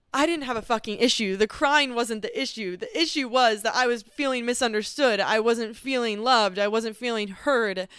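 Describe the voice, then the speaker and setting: Earnest woman with a very clear voice. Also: a little high, a bit bright, dry recording, studio quality. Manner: earnest and emotional, speaking frankly about feelings. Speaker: podcast host. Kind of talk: candid personal monologue.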